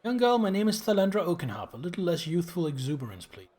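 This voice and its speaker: A man's voice: sits high, sing-song, fast talker, a little mellow. A man reading the lines of a stern woman adventurer who gives dry, weary replies. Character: stern adult woman adventurer, the player's hero.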